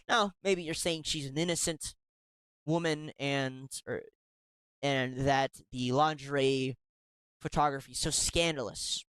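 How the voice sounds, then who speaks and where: A sarcastic, indignant host talks through a commentary segment, reacting to emails they read aloud. The voice sits at a middling pitch and often stumbles and restarts mid-sentence. It is recorded dry and close, with no room sound at all. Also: fairly even intonation, measured pace, fairly bright tone, clear, resonant tone, dry recording.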